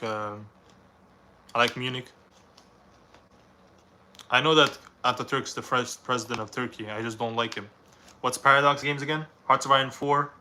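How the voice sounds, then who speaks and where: Bright-voiced young man streaming. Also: medium pitch, slight background noise. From Canada. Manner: reads viewer questions aloud, then answers with rambling opinions. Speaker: live streamer answering chat. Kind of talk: casual live-stream Q&A.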